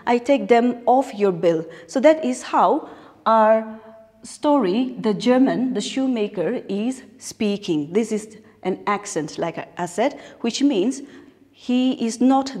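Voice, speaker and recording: Indian English teacher in echoey hall. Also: female voice, fairly high pitch, lively intonation, darkish tone. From Nagaland, India. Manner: explains slowly, repeats phrases, asks rhetorical questions. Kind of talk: recorded classroom lesson. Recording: long hall-like reverb.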